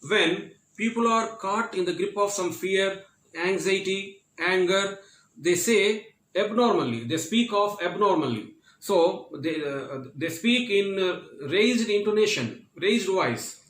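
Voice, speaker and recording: A man teaching a grammar lesson in a classroom, repeating words and pausing with fillers as he explains step by step. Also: high-pitched, lively intonation, a bit bright. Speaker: English teacher. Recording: roomy echo, from far off.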